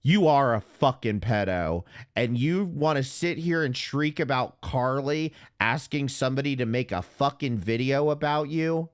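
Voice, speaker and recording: A man's voice: mid-range voice, animated, measured pace, few pauses, clean tone. A man hosting a livestream commentary, ranting furiously with heavy profanity and stammering restarts when worked up. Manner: furious, heavily profane, blunt. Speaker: streamer host.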